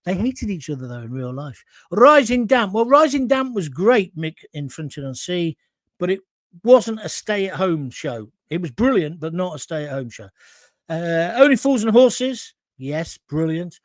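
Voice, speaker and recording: A man's voice: high voice, big pitch swings, measured pace, no room sound. A man hosting a live talk show, reading out viewer comments and rambling through anecdotes on a close mic. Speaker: host.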